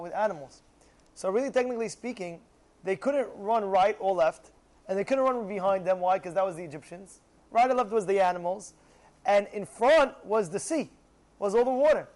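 A man's voice: high-pitched, poor audio. A man giving a Torah class, quizzing his listeners and acting out pleas to God. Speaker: Torah teacher.

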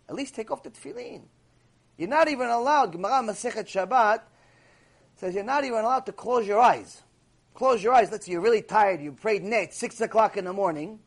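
A man teaching a Torah lecture in an animated, repetitive way, acting out voices as he speaks. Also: very high-pitched, moderate pace, slightly rough. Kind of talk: recorded mussar lecture.

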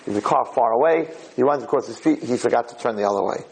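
A man, a rabbi lecturer, giving a sermon through an animated, dramatic story told with quick restarts. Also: medium pitch, gravelly, poor audio.

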